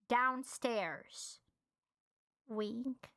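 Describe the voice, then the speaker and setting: A woman's voice: high voice, expressive, measured pace, pauses often, fairly bright tone, no room sound, clean studio sound. A young woman streamer reading a game's text aloud, then reacting with sarcastic, exasperated outbursts and swearing. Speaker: streamer playing a visual novel.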